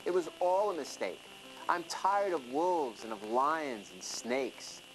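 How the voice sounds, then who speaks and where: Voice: medium pitch, big pitch swings, slow pace, poor audio. A storyteller voicing a lonely, frightened little male sheep in a rhyming storybook, over music. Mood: sad, pleading. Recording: music playing under the reading.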